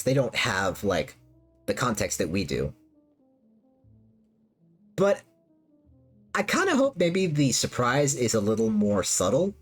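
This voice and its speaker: A woman's voice: extremely low pitch, huge pitch swings, takes it slowly, long pauses, slightly rough. A woman streamer chatting casually with her live chat, rambling and repeating herself with lots of fillers. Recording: faint music behind.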